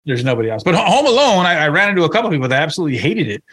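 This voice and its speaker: A man's voice: fairly high pitch, very animated, very fast, fairly bright tone, slightly rough. A man co-hosting a podcast, chatting casually, swearing a lot and acting out quotes. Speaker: podcast co-host. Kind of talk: casual chat.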